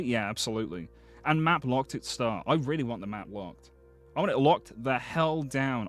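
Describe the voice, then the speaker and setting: A man streaming live, chatting casually with viewers, excitable and swearing often as he thanks them. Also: medium pitch. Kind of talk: casual livestream chat.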